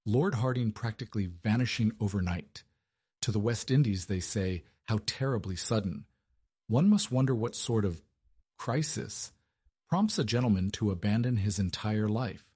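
A man's voice: lowish voice, expressive, moderate pace, mellow, breathy edge, no room sound, studio quality. A man voicing a spiteful gossiping society lady who talks in a sweetly insinuating way.

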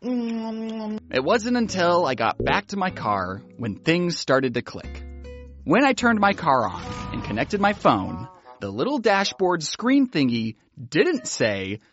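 A man giving a wry, sarcastic, animated comedic book recap as a YouTuber. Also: sits high, takes it slowly, lo-fi sound, faint music behind.

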